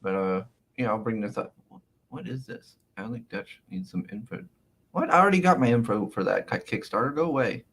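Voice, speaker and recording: A man's voice: medium pitch, lively intonation, brisk, creaky, fairly bright tone, breathy edge. Chatty male stream host. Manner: laughing, talks back to chat. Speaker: livestream host. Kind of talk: casual chat.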